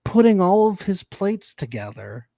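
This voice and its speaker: A man's voice: high-pitched, sing-song, measured pace, gravelly, mellow, dry recording. A young man co-hosting a podcast, chatting casually with playful, dry teasing. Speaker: podcast co-host. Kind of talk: casual recap chat.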